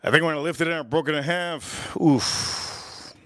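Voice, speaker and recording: A man's voice: on the high side, unhurried, fairly bright tone, no echo, studio quality. A man hosting a casual live cooking and whiskey stream, rambling, repeating lines and laughing at his own stories. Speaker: livestream host. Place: home kitchen or backyard, filming point of view.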